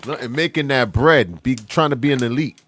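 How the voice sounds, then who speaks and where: A man's voice: mid-range voice, fairly quick, fairly bright tone, slight background noise. A man co-hosting a podcast in laid-back casual chat, often chiming in to agree. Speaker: podcast co-host.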